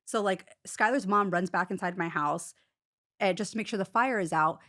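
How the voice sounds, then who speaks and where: A woman telling her own story as an interview guest in casual, animated talk, peppered with "like" and quick restarts. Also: medium pitch. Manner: rapid, animated retelling full of "like" fillers and restarts.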